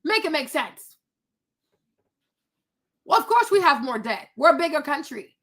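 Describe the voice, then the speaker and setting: A woman's voice: sits high, sing-song, a little slow, fairly bright tone. A woman hosting her own political commentary, blunt, sassy and profane, scolding the people she talks about. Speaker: commentary host.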